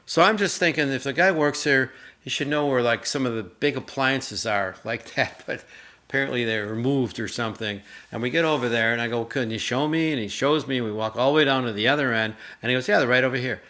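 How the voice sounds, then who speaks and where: Middle-aged guy rambling thru a story, bright voice, animated. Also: mid-range voice, fairly quick. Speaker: co-host. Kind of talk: casual chat, storytelling.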